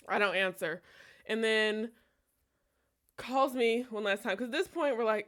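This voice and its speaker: A woman streamer telling a personal story in a casual, animated, profane and digressive way. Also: fairly high pitch, normal speed.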